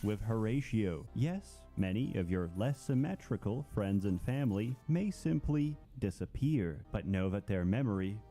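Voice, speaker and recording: A man narrating a scripted, comedic overview of a strategy game in a dry, sardonic deadpan. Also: lowish voice, moderate pace, soft background music.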